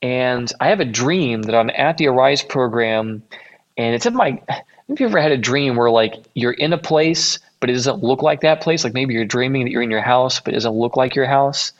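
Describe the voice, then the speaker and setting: A man's voice: medium pitch, animated, normal speed. A young man from Illinois telling a rambling personal story in a casual way, correcting himself often along the way. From Illinois, USA. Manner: rambling, self-correcting, acts out quoted voices. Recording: dull lo-fi recording.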